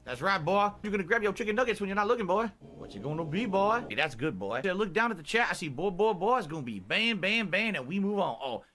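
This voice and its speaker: A man's voice: high-pitched, sharp tone, heavily acted. A male streamer doing an old Southern colonel with a put-on Southern accent, drawling and brash while commenting on a game. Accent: put-on American Southern. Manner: drawling, rowdy, brash heckling. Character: folksy old Southern colonel, calls everyone boy.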